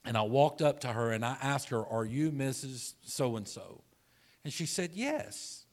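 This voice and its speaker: In a church sanctuary, a male pastor tells his congregation a personal story, earnest and conversational, at normal speed. His pitch is mid-range for a man, and he repeats himself to build a point, dropping to a soft hush for tender moments.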